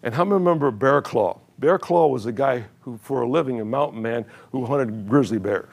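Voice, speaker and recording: A man's voice: mid-range voice, a little fast, creaky. An older man preaching a sermon in a church, telling a story with chuckles and many repeated words. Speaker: pastor.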